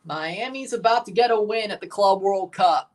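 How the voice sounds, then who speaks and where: Here a man with a high voice and moderate pace gives casual live commentary on a football match for his stream. He narrates plays as they happen, talks with viewers, and gets nervous as the end nears.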